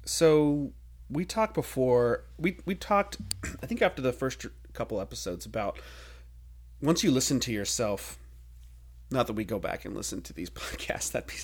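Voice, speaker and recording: A young man riffing as a podcast co-host. He talks in loose, animated bursts full of fillers and quick laughs. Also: mid-range voice. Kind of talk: casual podcast banter.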